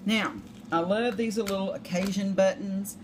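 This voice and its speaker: A woman's voice: medium pitch, fairly even intonation, a little slow, darkish tone. Chatty Southern woman crafting. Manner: chatty, self-deprecating, rambling asides. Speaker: craft demonstrator. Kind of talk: casual crafting tutorial. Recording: noisy home recording.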